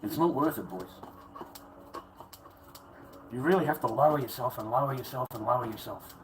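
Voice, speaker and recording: Man, coarse rant to camera, mid pitch, lots of swearing and repetition. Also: normal speed, slight background noise, poor audio. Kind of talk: ranting monologue to camera.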